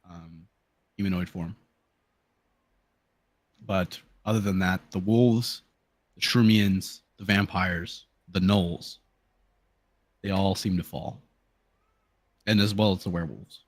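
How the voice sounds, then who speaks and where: A man narrating a tabletop game as game master, casual and halting with fillers. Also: low voice, no echo.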